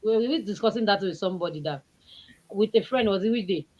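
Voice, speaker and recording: A woman with a Nigerian accent co-hosting a casual panel chat, lively and opinionated. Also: mid-range voice, quick pace, dull audio. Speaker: co-host.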